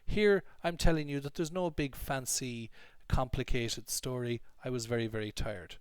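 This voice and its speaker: A man with an English accent teaching vocabulary in an online lesson, explaining clearly and emphatically with many repeated examples. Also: medium pitch, moderate pace, no echo.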